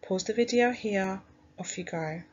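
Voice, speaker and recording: A woman teacher giving a recorded phonics lesson to young children, sounding out each letter slowly and clearly in a British accent. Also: mid-range voice, darkish tone, dull audio. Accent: British English. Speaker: primary school teacher.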